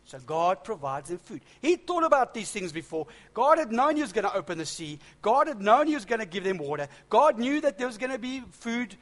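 High-voiced man preaching a sermon. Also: fairly bright tone. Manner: expository preaching, conversational asides and humor.

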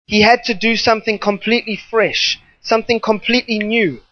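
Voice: mid-range voice, fairly even intonation, a little fast, a bit bright, dry recording, highs cut off. A preacher delivering a sermon to a gathering, talking in an emphatic, repetitive way with rambling asides.

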